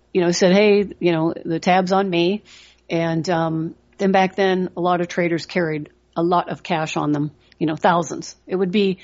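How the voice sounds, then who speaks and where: The audio is dull, and the woman's voice sits on the low side with a darkish tone. She's a middle-aged trading coach hosting a podcast, sharing motivational talk and stories earnestly with frequent "you know" fillers.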